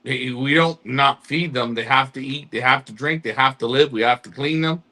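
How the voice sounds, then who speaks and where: A man co-hosts a casual members' stream and explains things patiently, leaning on rhetorical questions. His voice is bright and forward at an ordinary pitch. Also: moderate pace. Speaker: co-host of a pigeon auction club show. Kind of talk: casual live-stream chat to club members.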